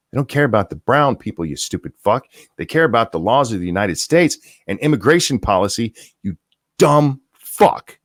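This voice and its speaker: A man's voice: medium pitch, no room sound, clean studio sound. A man hosting a show, delivering a profane, heated political rant with mocking outbursts. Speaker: host.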